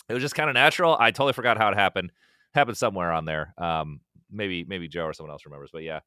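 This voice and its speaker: A man's voice: low voice, fast talker, bright, forceful tone, smooth, dry recording, studio quality. A young man, a musician guest, chatting casually on a podcast, rambling with restarts and swearing. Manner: rambling, profane, many restarts and acted-out quotes.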